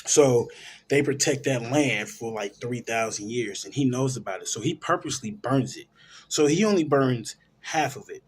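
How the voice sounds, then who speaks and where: A man's voice: mid-range voice, normal speed, husky. A man hosting a film show, casually retelling a movie's plot in a rambling way, full of fillers and restarts. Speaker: film review host.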